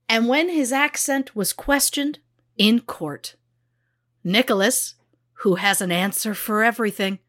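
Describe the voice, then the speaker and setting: A woman's voice: mid-range voice, a bit bright, no room sound, studio quality. A woman co-hosting a true crime podcast, blunt and sarcastic as she recaps a case. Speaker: podcast co-host.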